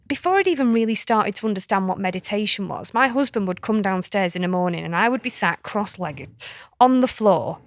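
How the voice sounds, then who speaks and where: A woman, co-hosting a podcast and telling stories in an animated way, laughing and acting out the voices. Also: medium pitch, dry recording. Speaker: podcast co-host. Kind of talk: casual storytelling chat.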